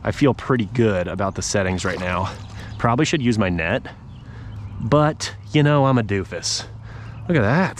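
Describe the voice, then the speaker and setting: A man with a lowish voice gives relaxed play-by-play while fishing from a paddle board, chatting to the fish and his viewers as he goes. He is recorded outdoors on a small camera mic, with a faint outdoor hiss behind him. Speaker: fishing vlogger. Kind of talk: casual running commentary while fishing.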